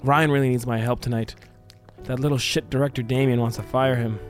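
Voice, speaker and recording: A man voicing an obsessive male fan turned killer, stammering and fake-nervous at first, then shouting frantically. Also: medium pitch, fairly even intonation, a little fast, faint music behind, voice pushed up, close to an everyday voice. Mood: earnest.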